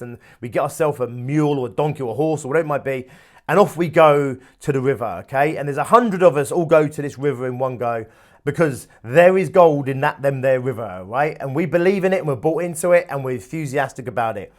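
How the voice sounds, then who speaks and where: Emphatic man giving a motivational talk. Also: a little high. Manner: emphatic, storytelling, repeats phrases for effect. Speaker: podcast host.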